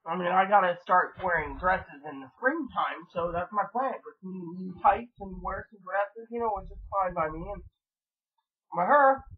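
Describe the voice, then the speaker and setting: Husky high-voiced man venting, lo-fi. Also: expressive, measured pace. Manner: rambling, profane, repeats "I mean, literally". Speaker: vlogger. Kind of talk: angry personal venting.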